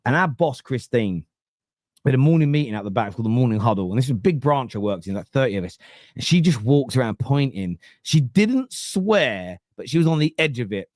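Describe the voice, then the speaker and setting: An East London man in his 30s hosts a football podcast, chatting casually in a London accent with a brisk, mid-range voice. He tells stories with animation, swears bluntly and freely, and acts out the quotes. The sound is dry and close, with no echo.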